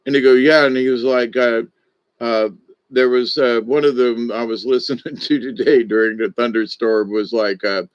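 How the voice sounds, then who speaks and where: An older man and former stage director telling rambling, animated stories in a casual monologue, often trailing off and restarting. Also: mid-range voice, moderate pace, dry recording. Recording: dull, dry lo-fi audio.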